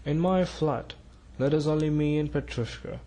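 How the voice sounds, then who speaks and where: A man's voice: a little high, moderate pace, mellow, pitched above the performer's own voice, lightly acted. A man reading a storybook, voicing a timid, awkward male civil servant who stammers and hesitates. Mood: halting, earnest.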